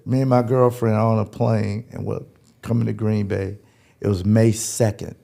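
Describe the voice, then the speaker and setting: A man in his fifties from Jacksonville, Florida, telling stories as a guest in a lively, laughing way. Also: mid-range voice, gravelly. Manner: lively, laughing, swings between loud and quiet. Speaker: guest, former football player. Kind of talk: animated storytelling.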